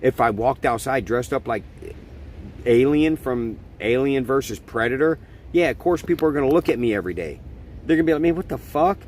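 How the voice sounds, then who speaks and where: A man's voice: mid-range voice, expressive, a little fast, slight background noise. A middle-aged man hosting a podcast, delivering a blunt, profane opinion monologue in a ranting manner. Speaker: podcast host.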